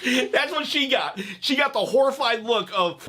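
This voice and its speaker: Bright-voiced, jokey male reaction host. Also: high-pitched, normal speed, hardly any pauses. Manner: chatty, jokey, laughs at own stories. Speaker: wrestling reaction video host. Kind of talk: casual reaction commentary.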